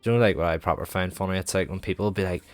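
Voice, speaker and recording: A man's voice: low voice, racing, clean tone, no echo, soft background music. A young man streaming, chatting in a loose, rambling way, swearing freely and filling every gap with "like". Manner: sweary, rambling, heavy use of filler "like". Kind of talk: casual rambling chat.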